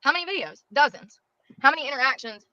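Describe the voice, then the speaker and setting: A woman's voice: sits high, animated, fast talker, pushed and bright, a little hiss or hum. A woman vlogging from her car, talking in an aggrieved, complaining way. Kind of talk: vlog monologue. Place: car in a gas station parking lot. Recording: dull lo-fi clip audio.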